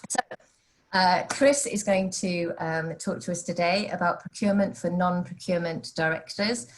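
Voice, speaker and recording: A woman with a fairly low voice hosts a business webinar. She introduces the guest speaker hesitantly and fills her pauses with ums. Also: steady tone, a little hiss or hum, rough recording. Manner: hesitant, filler-heavy, loses her thread. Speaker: event host.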